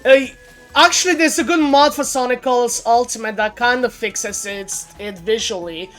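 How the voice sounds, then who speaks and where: A woman with a slightly high voice chats casually on her game stream. She talks freely, often trips over her words and starts her sentences over. Faint game music plays under her voice. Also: normal speed, fairly bright tone. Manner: chatty, laughing, stumbling restarts. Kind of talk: casual gaming stream chat. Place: home streaming setup.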